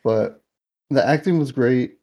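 Young male podcast co-host, relaxed dark tone, loose and filler-heavy. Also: mid-range voice, unhurried. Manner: rambling, filler-heavy, animated retelling. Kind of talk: casual movie review chat.

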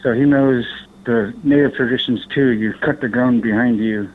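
A man's voice: medium pitch, normal speed. A man from Alaska, a podcast guest, telling a rambling story in casual talk, swearing now and then and acting out what others said. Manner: rambling, animated, swears, acts out others' lines. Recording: tinny phone-like line.

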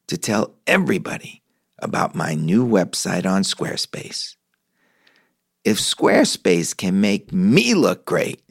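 A middle-aged man hosts a podcast and reads the sponsor spots as enthusiastic stories. His voice is gravelly and swoops up and down, and he takes his time. The sound is dry and close. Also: on the low side, no room sound. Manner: enthusiastic storyteller. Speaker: podcast host. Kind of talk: conversational host reading ads.

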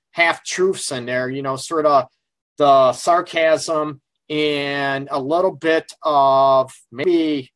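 A man's voice: fairly high pitch, a bit bright, no echo. A middle-aged man hosting a casual live call-in radio show from his office, talking frankly and rambling with lots of fillers. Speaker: radio show host and relationship counselor.

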